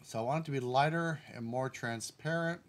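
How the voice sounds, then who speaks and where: A man streaming live as a game developer, relaxed and thinking aloud as he talks himself through settings step by step and turns now and then to answer his chat. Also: mid-range voice, a little fast. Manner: addresses the chat directly.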